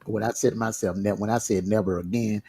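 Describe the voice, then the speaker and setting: A man's voice: on the low side, fairly even intonation, fast talker, dark tone, slightly rough, no room sound. A man frankly telling his own relationship story on a livestream, often repeating words as he gathers his thoughts. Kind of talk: casual personal storytelling.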